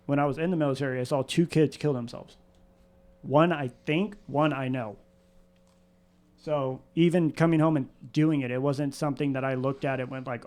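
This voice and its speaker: Guy telling his story straight, earnest and confessional, smooth clear voice. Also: medium pitch, steady tone, moderate pace, a little mellow. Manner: earnest, confessional, repeats phrases. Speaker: podcast co-host sharing his story. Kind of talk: candid personal storytelling.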